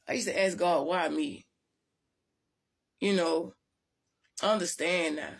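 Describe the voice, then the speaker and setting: A woman's voice: on the low side, slightly rough. A woman vlogger telling her story to viewers in a blunt, profane, rambling way with many restarts. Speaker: spiritual vlogger.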